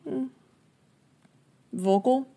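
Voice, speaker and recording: A woman's voice: sits high, very slow, dark tone. A woman co-hosting a casual podcast, trading playful, jokey quips. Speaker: podcast co-host. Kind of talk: casual chat.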